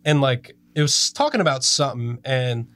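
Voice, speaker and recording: A man's voice: mid-range voice, expressive, moderate pace, fairly bright tone. A young man with a New Jersey accent, co-hosting a casual podcast chat, rambling through stories with lots of swearing and laughter. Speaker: podcast co-host.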